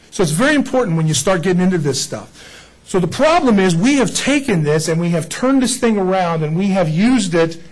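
A man's voice: fairly high pitch, slightly rough, rough recording. A male pastor preaching a casual sermon to a congregation, often putting rhetorical questions to his listeners. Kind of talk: conversational sermon.

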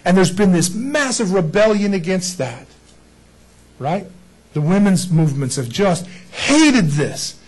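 A man's voice: sits high, big pitch swings, measured pace, husky, low-quality recording. A male pastor preaching a casual sermon to a congregation, often putting rhetorical questions to his listeners. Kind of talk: conversational sermon.

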